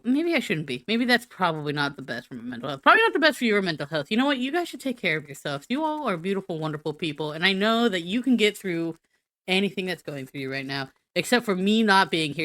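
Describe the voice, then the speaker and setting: A woman's voice: mid-range voice, a bit bright, no room sound. A woman streamer doing a silly, rambling, self-mocking be-right-back rant.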